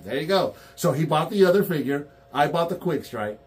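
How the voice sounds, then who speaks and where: A man's voice: a little high, brisk. A man in casual chat about toy collecting, telling stories and acting out quotes. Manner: animated storyteller, acts out quotes.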